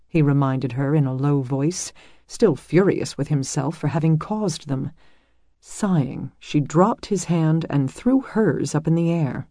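An audiobook narrator reading a medieval romance in smooth, even storytelling. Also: medium pitch, a little slow, dry recording, clean studio sound.

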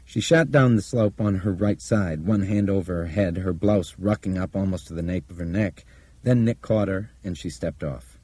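A man narrating an audiobook in a steady, measured reading. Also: sits low, husky, dry recording. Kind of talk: scripted narration.

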